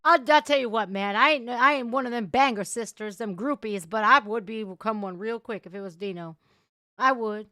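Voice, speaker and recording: A woman hosting a casual livestream, chatting loudly and crudely with her viewers. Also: fairly high pitch, fairly quick, soft background music. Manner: loud, bubbly, crude banter with viewers. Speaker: livestream host.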